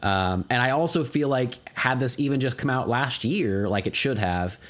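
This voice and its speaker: A man's voice: medium pitch, expressive, moderate pace, a bit bright. A man co-hosting a casual movie review podcast, rambling with lots of fillers and casual swearing. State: tired. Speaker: podcast co-host.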